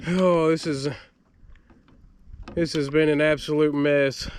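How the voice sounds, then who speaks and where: Excitable man on a river. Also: a little high, takes it slowly, slight background noise. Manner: excitable, exclaims and laughs a lot. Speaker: fishing vlogger. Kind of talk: excited outdoor vlog commentary. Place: outdoors in a kayak on a river at night. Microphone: action camera.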